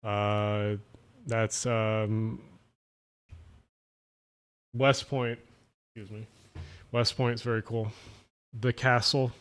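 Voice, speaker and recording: A man's voice: fairly low pitch, little pitch movement, drawn-out words, pauses often, a bit bright, clear, resonant tone. A man with a Jersey and Philly area accent, talking in a loose late-night stream. He rambles, runs words together and swears casually as he thinks aloud. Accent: New Jersey/Philadelphia.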